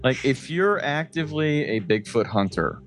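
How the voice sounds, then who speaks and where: A man's voice: mid-range voice, very animated, normal speed. A man co-hosting a podcast in casual chat, swearing freely and laughing often as he rambles. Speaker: podcast co-host.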